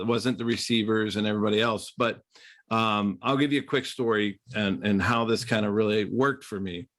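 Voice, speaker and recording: Middle-aged man, podcast guest, casual storyteller who acts out the people he quotes. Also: fairly low pitch. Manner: animated storyteller acting out quoted voices. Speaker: podcast guest, former quarterback.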